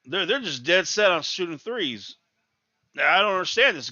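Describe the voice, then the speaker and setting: Frustrated guy ranting at a basketball game, kinda high voice, sounds dry and muffled. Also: big pitch swings, normal speed, bright, forceful tone, no room sound. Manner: exasperated, ranting, repeats himself. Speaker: sports talk host. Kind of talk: live game reaction commentary.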